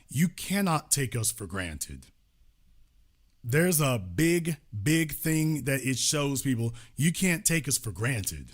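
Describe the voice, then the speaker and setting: A man hosting a show who delivers a political commentary monologue in an emphatic, repetitive, preaching manner. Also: medium pitch. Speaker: host.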